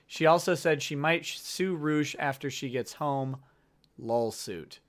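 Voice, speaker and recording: A man's voice: mid-range voice, normal speed. A man hosting a casual livestream chat, riffing and laughing often. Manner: chatty, laughs often, riffs on jokes. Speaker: host.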